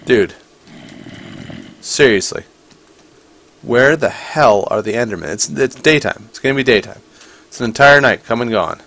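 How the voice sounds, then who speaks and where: A man's voice: medium pitch, lively intonation, normal speed, pauses often, a bit bright. A man casually commenting as he plays a video game, chatty and playful, talking to the creatures on screen. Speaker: gaming channel host. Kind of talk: casual let's-play commentary.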